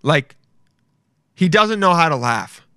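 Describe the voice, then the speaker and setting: Young male podcast host: bright, forceful voice, loose rambling rant full of swearing and laughs. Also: on the high side, expressive, slow, clean tone, no room sound, clean studio sound. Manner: rambling, swearing, often laughing mid-sentence. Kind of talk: casual solo podcast rant.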